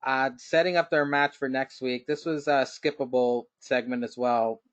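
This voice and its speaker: A man's voice: medium pitch, steady tone, normal speed, no room sound, highs cut off. A man hosting a casual podcast chat, loose and joking, putting questions to his co-hosts. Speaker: podcast host.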